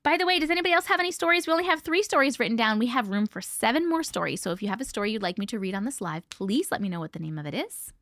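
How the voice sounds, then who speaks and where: A woman hosting a casual live stream. She chats to viewers in a bubbly, lively way, greets them by name, swears casually and laughs often. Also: on the high side, rapid-fire, few pauses, no echo, studio quality. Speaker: livestream host.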